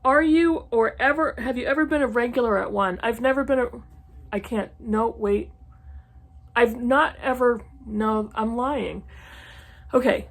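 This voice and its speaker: A woman's voice: a little high, measured pace. A woman in her fifties from New England, chatting frankly through a list of questions with sarcastic asides. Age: 50s. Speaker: book YouTuber. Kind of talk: casual chat answering tag questions. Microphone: camera mic, reading from an e-reader.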